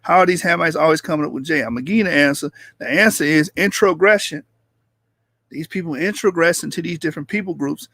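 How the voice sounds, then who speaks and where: Stream host, male, slightly high-pitched, loose and teasing, dry close sound. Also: a bit bright, dry recording. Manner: loose, chatty, teasing, laughs often; addresses viewers in the chat directly. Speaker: livestream debate host. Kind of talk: casual livestream commentary.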